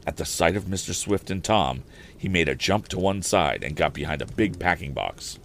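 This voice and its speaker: Deep-voiced, expressive male storyteller. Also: moderate pace, creaky, slight background noise. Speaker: storyteller and podcast host. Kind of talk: audiobook narration.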